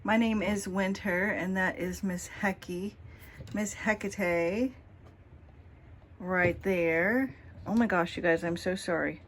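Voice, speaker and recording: A woman talking to camera as a tarot reader, soft and halting with many fillers, and tearful. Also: on the low side, fairly even intonation, slight background noise. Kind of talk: casual chat to camera, then spoken prayer. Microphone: camera mic.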